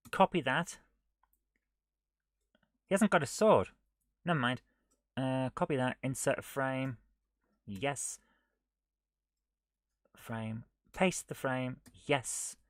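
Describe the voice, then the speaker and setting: Male streamer, unhurried self-talk, close dry sound, drifts into mutters and scolds his tools. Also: medium pitch, no echo. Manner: muttering to himself while he works, often dropping to a near whisper; chatty and self-mocking, scolding the software. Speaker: streamer coding a retro game live. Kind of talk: live coding stream commentary.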